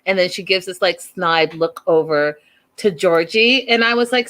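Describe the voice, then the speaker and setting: A woman's voice: lowish voice, normal speed, a bit bright. A woman hosting a casual show recap, chatty and opinionated, who acts out the people she quotes in a raised voice. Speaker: host recapping a reality show.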